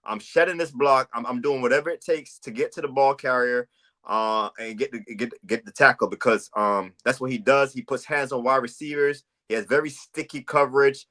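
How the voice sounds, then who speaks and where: Guy on a football podcast, bright voice, keeps restarting his sentences, says bro a lot. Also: mid-range voice, fairly even intonation, brisk. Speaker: podcast co-host. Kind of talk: casual football scouting talk.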